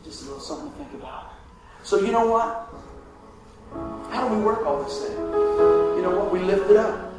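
A man preaching a sermon as pastor, telling a hospital story in an animated way and acting out the voices. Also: high voice, normal speed, pauses often, loud music behind the voice. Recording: echoey room from a distance.

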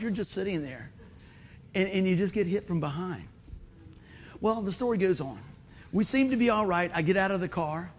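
A man preaching a sermon as pastor, telling a story with shouted sound effects and questions to the congregation. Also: sits high.

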